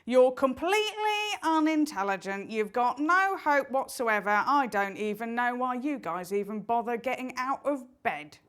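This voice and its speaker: A woman's voice: a little high, lively intonation, moderate pace, hardly any pauses, a bit bright. A woman voicing a scornful inner critic who mocks and belittles. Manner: mocking, contemptuous.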